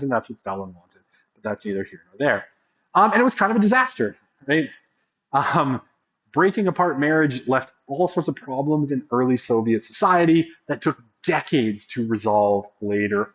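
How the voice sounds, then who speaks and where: A man's voice: mid-range voice, rough recording. A man giving a sociology lecture in a chatty, rambling way, full of fillers and joking asides. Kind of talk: classroom lecture.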